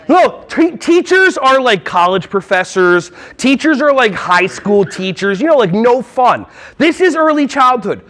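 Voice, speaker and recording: Playful jersey guy, really high voice, doing a teacher training keynote full of silly bits. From New Jersey. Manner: playful and animated, breaking into silly voices and songs. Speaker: early childhood education trainer. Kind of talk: conference keynote talk. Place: large conference hall.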